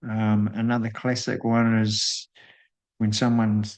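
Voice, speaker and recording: A man hosting a solo spiritual talk, speaking thoughtfully with frequent pauses and drawn-out ums. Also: on the low side, completely flat delivery. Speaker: host.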